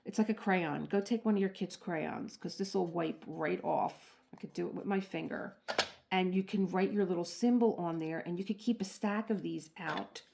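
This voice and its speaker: A woman's voice: fairly low pitch, normal speed, gravelly, darkish tone, slight background noise. A middle-aged woman hosting a craft channel, chatting casually through an unboxing and laughing at herself as she talks to the viewer. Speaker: diamond painting channel host.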